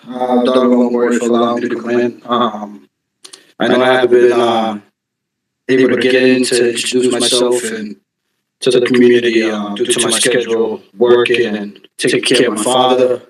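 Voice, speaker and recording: A man talking casually into his phone on a live audio space, out of breath, halting, with many ums and restarts. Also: mid-range voice, little pitch movement, echoey room, noisy background. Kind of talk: casual call-in talk.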